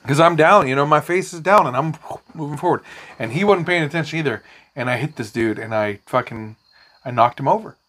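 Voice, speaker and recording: A man's voice: a little high, a little fast, a bit bright. Man, podcast co-host, casual storytelling, profane, rambling anecdotes.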